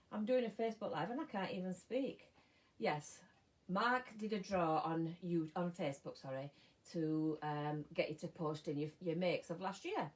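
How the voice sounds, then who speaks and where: A woman's voice: on the low side, rough recording. Tired chatty English woman live-streaming sewing. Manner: chatty, greets viewers by name, loses her words. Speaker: sewing channel host. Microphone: phone or camera mic.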